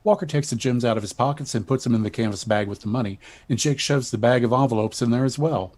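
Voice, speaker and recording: A man narrating the stage directions in a measured, even way during a stage reading. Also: medium pitch.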